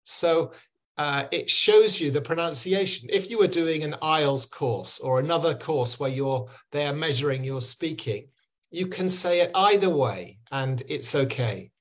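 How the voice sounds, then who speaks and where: A man's voice: a little high, a little slow. English man teaching pronunciation online. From England. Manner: patient, explanatory, repeats key words. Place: video call.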